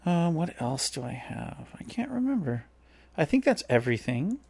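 A man's voice: fairly high pitch, sing-song, normal speed, gravelly, a little mellow, breathy edge, dry recording. Male podcast co-host, casual and rambling, teasing tone, dry close mic. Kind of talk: casual chat.

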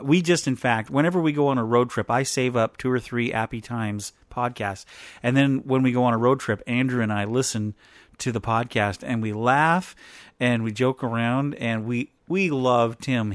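A man's voice: medium pitch, dry recording. A man hosting a podcast from a living room, chatting casually and joking around. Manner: jokey, chatty, rambling. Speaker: podcast host. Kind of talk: casual chat.

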